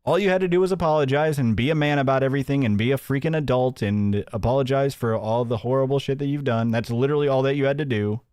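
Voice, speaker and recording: Sarcastic laughing streamer, dry close sound. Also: male voice, quick pace, few pauses, darkish tone, clear, resonant tone, dry recording. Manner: sarcastic, laughs often, mimics in a high voice. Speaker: commentary streamer host. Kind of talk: mocking live-stream commentary.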